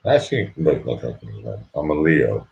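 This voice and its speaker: A sleepy man hosting a late-night livestream, talking quietly and rambling so he won't wake anyone at home. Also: a bass voice, very animated, unhurried, vocal fry, muffled recording. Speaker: livestream host.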